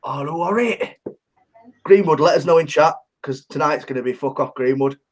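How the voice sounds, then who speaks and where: A man's voice: fairly high pitch, moderate pace. A man co-hosting a vaping podcast in casual, sweary banter, laughing often and greeting the live chat.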